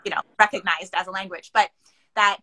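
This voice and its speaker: A woman's voice: mid-range voice, fairly even intonation, a little fast, bright, forceful tone, poor audio. A woman from Hawaii hosting a casual chat, explaining things with chatty asides. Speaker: host.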